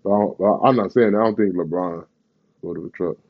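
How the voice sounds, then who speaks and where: A man's voice: deep voice, a little fast, muffled recording. A man, ranting in a profane, rambling, slang-heavy way in a casual vlog. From Bay Area, California. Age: 30s.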